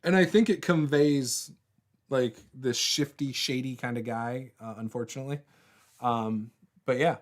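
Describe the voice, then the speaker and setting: A man hosting a relaxed livestream chat about tabletop games, with a voice of ordinary middle pitch. He rambles and laughs often, with fillers and false starts, and drifts from point to point as he reacts to viewers. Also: unhurried. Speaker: host of a tabletop RPG livestream. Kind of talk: casual livestream chat, reading viewer comments.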